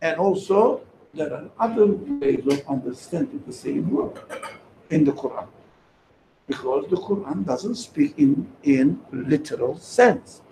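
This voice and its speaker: A man's voice: a little high, expressive, unhurried, gravelly, background noise. Emphatic man lecturing in an echoey room. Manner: emphatic, repeats key phrases, asks the audience questions. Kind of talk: lecture to a small group. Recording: echoey room with faint ambience.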